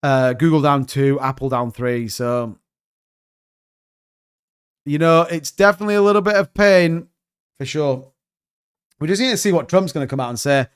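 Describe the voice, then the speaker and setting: A man's voice: a little high, moderate pace, long pauses, smooth. A man hosting a casual livestream, joking and bantering as he reads out chat comments. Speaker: crypto livestream host.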